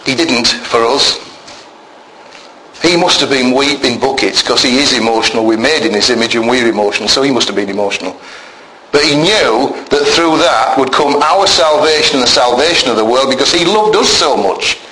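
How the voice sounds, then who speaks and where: A man's voice: mid-range voice, moderate pace, sharp tone. A man preaching a sermon in a church, emphatic and conversational, often asking the congregation questions. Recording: echoey church room with faint ambience.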